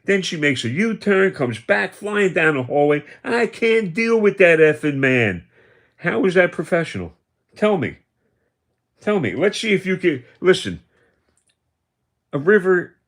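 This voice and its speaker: A man's voice: fairly low pitch, a bit bright. Taunting man in his seventies. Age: 70s. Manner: accusatory, taunting, repetitive. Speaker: livestream host. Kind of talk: confrontational livestream rant.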